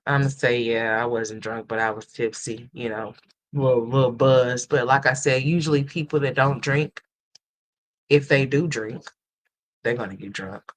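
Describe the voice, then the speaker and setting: A livestream commentary host chatting casually with viewers and reading their comments. Swings between blunt, profane scolding and soft, tender well-wishes. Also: medium pitch.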